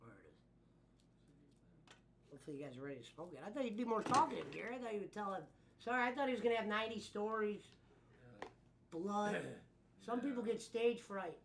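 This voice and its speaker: A man's voice: high voice, expressive, brisk, long pauses, fairly bright tone, slight background noise. A man hosting a stream, casually talking over his old clips in a loose, laughing way. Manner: loose, laughing, profane chatter. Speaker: streamer host.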